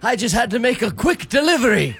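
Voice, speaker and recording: A man's voice: extremely high pitch, big pitch swings, a little fast, gravelly, a bit bright, husky, soft background music, heavily acted. A radio co-host playing a pompous male professor who lectures theatrically in a morning-show comedy bit. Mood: theatrical lecturing. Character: pompous male professor moonlighting as a burger courier.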